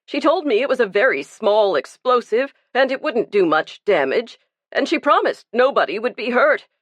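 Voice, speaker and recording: A woman's voice: on the high side, animated, moderate pace, dry recording, pitched above the performer's own voice. A woman reading the part of a guilt-ridden, burly male pastor who confesses earnestly and pleads for himself. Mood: pleading.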